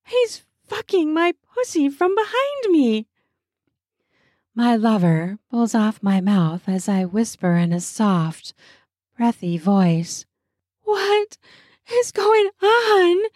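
A woman narrating a first-person erotic audio story in a breathy, intimate voice. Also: mid-range voice, big pitch swings, takes it slowly, dry recording, studio quality. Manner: breathy and intimate, slipping into soft moans.

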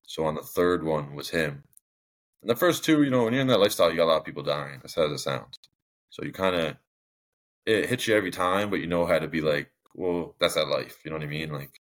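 Young guy with a super deep voice, rambling through his own story on a podcast, lots of restarts. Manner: rambling, with frequent restarts and fillers. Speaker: podcast guest. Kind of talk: candid personal storytelling.

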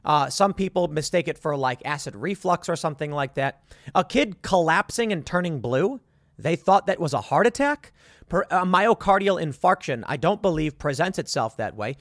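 A man's voice: a little high, animated, normal speed, fairly bright tone, no room sound, studio quality. A man in his thirties hosting a commentary show, talking in a sarcastic, exasperated, rambling way with frequent restarts. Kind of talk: opinion commentary monologue.

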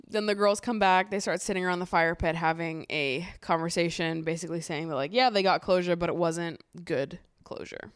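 A young woman hosting a podcast, recapping reality TV in an animated, exasperated way, swearing and laughing often. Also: fairly low pitch, a little fast, hardly any pauses, smooth, no room sound. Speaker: podcast host.

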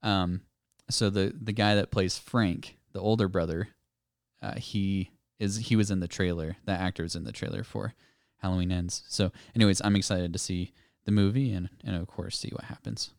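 A man co-hosting a spooky-themed podcast, chatting casually and wandering through his thoughts with small restarts. His voice sits a little low and sounds smooth and clear. The close mic gives a dry sound with no room around it. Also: moderate pace, no echo. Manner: relaxed, meandering, hesitant with restarts. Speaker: podcast co-host. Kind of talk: casual chat.

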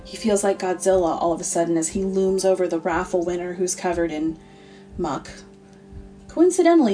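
Woman reading a funny story, dry sarcastic delivery, kinda far from the mic, soft music behind. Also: on the low side. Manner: deadpan, sardonic. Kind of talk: comedic story narration. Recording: distant mic, faint music.

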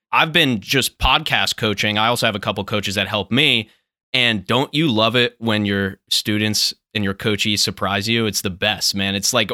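A man's voice: mid-range voice, pushed and bright, no room sound, clean studio sound. A man hosting a podcast, chatting casually with his guest in enthusiastic, loose phrasing. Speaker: podcast host. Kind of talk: casual interview chat.

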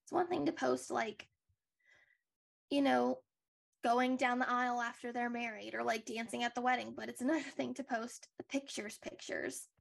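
A woman's voice: a little high, steady tone, normal speed, creaky. A young woman co-hosting a podcast, chatting casually and rambling with lots of likes and restarts. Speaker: podcast co-host. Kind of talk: casual recap chat.

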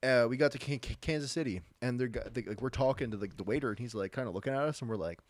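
A man co-hosting a podcast, talking excitedly in casual chat and swearing. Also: medium pitch, rapid-fire. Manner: excitable, swears, lots of filler words. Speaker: podcast co-host.

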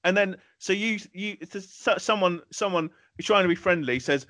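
A man's voice: sits high, normal speed, few pauses, a bit bright. A man co-hosting a comedy podcast, ranting in an exasperated, sweary way. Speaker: podcast co-host. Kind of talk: casual comedy podcast banter.

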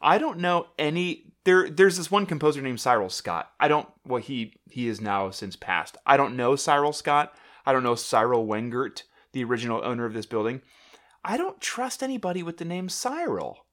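A man's voice: mid-range voice, big pitch swings, normal speed, a bit bright. A young man co-hosting a casual chat, rambling and joking with lots of fillers and restarts. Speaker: podcast co-host.

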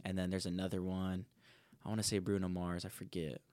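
A young man with a low, smooth, resonant voice hosts a podcast on his own, rambling through a story in a casual, animated way. He acts out what each person said. The sound is dry and close. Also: a little fast, no room sound. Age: young adult. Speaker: podcast host.

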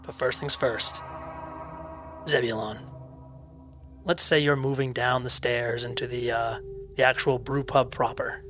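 A man's voice: medium pitch, little pitch movement, normal speed. A man narrating a tabletop game as game master, describing scenes in detail and joking about his own voices. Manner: descriptive, self-deprecating. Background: background music.

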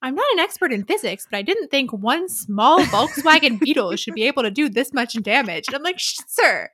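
A woman's voice: sing-song, a little fast, pushed and bright. A woman co-hosting a book podcast, chatting casually and laughing often as she acts out lines from the book. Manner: laughs often, quotes characters in lowered voice. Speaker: podcast co-host.

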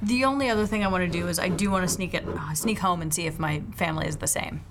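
A woman's voice: lowish voice, background noise. A woman playing in a tabletop game, chatty and agreeable. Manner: chatty, agreeable, quick to laugh. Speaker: player. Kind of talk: casual tabletop play.

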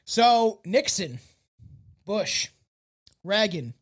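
High-voiced joking podcast host. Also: male voice, big pitch swings, drawn-out words, fairly bright tone, slightly rough. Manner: crude, joking, rambling with restarts. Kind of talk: casual comedic podcast chat.

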